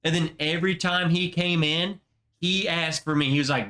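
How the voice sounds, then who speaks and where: A man hosting a casual livestream chat, telling a story in a slow, emotional, slangy way, close to tears. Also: fairly high pitch, fairly even intonation, bright, forceful tone. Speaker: livestream host.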